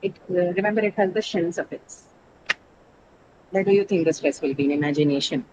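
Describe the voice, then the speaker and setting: A woman's voice: fairly low pitch, brisk, highs cut off, noisy background. A woman teacher lecturing an online English class, explaining step by step and correcting students patiently.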